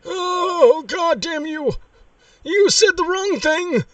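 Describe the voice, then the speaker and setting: A man voicing a furious old male war veteran on a prank call, shouting and cursing in a high, strained voice that breaks into sobs. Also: takes it slowly, no echo, distant mic. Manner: shouting, cursing, sobbing rants. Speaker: prank caller.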